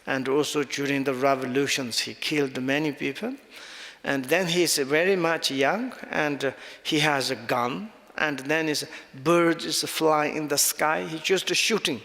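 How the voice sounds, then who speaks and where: Man, Tibetan accent, dharma talk, halting English, restarts often, long reverberant room. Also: on the high side, a bit bright. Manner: halting non-native English with many restarts. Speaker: Buddhist teacher. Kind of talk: dharma teaching.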